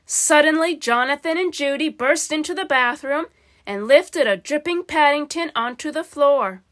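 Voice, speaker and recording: A woman reads a children's storybook aloud in a gentle, unhurried manner. Her voice sits high and sounds bright and clear.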